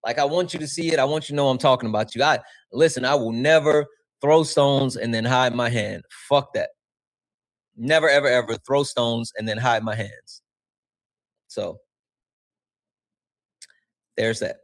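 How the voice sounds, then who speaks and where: A man hosting his own livestream, chatting loosely with viewers. He swears freely and breaks into laughter often. His voice sits at a middle pitch. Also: normal speed, long pauses. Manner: profane, animated, laughing often. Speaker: livestream host. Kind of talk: casual livestream chat.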